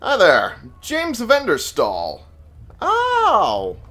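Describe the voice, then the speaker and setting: A man's voice: sits high, huge pitch swings, very slow. A young man casually commentating his gameplay, swearing freely and talking back to the characters with wry humor. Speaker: let's play gamer.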